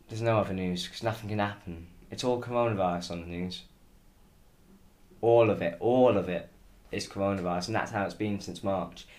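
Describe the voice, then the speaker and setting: A British man with a somewhat low voice rants through a casual solo podcast. He sounds exasperated and sarcastic, and he swears freely. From United Kingdom. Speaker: podcast host.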